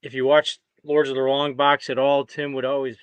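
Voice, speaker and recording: A man co-hosting a live show, excited and encouraging his partner. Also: mid-range voice, moderate pace, smooth, no room sound, lo-fi sound. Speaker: co-host.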